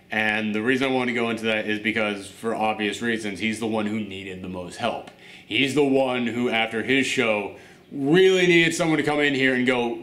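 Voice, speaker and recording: A man hosting a casual reaction show, talking in an animated, chatty way with lots of fillers. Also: medium pitch, echoey room. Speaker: host.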